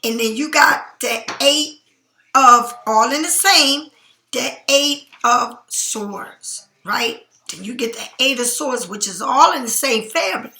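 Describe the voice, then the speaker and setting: Woman tarot reader, casual reading, high bright voice, blunt and profane, a bit sleepy, echoey room. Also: slow. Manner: blunt, emphatic, swears freely. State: sleepy, yawning.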